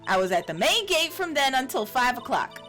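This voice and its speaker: A woman's voice: high voice, sing-song, brisk, pushed and bright, soft background music, full character voice. A woman voicing a chatty, rambling elderly female security guard who calls everyone "dearie" in a video game.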